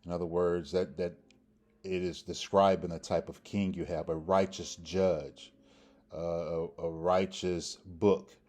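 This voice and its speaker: A man's voice: low-pitched, little pitch movement, a little slow, a little mellow, soft background music. A man teaching a Hebrew grammar lesson, who repeats each pronunciation several times and asks his listeners rhetorical questions. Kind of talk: slow, deliberate grammar lesson.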